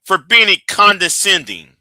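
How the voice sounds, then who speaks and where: A man's voice: high voice, very animated, measured pace, bright, forceful tone, no room sound. A man hosting a live stream, ranting and arguing, often stumbling and repeating his words as he restarts sentences.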